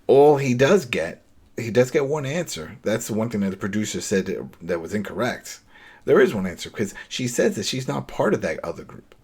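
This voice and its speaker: A man's voice: fairly low pitch, big pitch swings, normal speed, a little mellow, slightly rough. A man co-hosting a podcast, chatting casually and animatedly as he recaps scenes, laughing and tossing out rhetorical questions. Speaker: podcast co-host. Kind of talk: casual episode recap chat.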